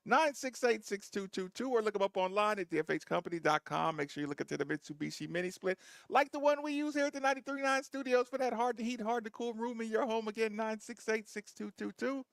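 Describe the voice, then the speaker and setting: A man's voice: high-pitched, expressive, creaky, a bit bright, no echo. A man co-hosting sports radio, playful and affectionate, joking and reading live ads into a studio microphone. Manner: playful and affectionate, quick to joke and laugh. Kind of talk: casual sports radio talk and live ad read.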